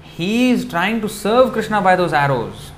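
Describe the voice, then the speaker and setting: A man giving a devotional lecture in a loose, conversational way, full of fillers, acting out quoted lines in a softer voice. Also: high voice, big pitch swings, unhurried, a little hiss or hum. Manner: conversational, many fillers, acts out quoted dialogue softly. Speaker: preacher.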